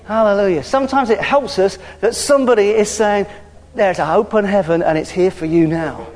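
Male preacher with a high voice, chatty and animated, recorded with long hall reverb. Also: fairly quick. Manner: lively, conversational preaching with frequent hallelujahs. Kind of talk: sermon. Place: church hall.

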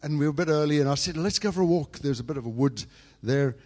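Preaching at a fast clip with a fairly high voice and a long reverb tail, a man from England recounts a personal story in his sermon. He moves between soft, hushed moments and loud, fervent bursts.

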